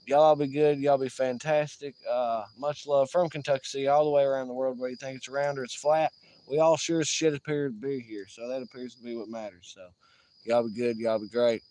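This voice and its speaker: A man drawls through a casual livestream, swearing freely and rambling between jokes. His voice sits at an everyday middle pitch, and he talks the way he would to friends on a porch. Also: fairly even intonation, moderate pace, warm tone. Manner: drawling, profane, rambling, jokey sign-off. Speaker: livestream host. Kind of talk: casual outdoor livestream chat.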